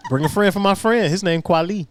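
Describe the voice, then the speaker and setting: A man guesting on a podcast, reading a listener's story aloud in an animated way and laughing often. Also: sits high, brisk, crowd noise.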